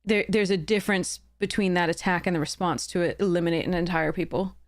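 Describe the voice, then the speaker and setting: A woman's voice: lowish voice, fairly even intonation, fast. A woman game streamer chatting live with her viewers, earnest and heated, often stopping to apologize.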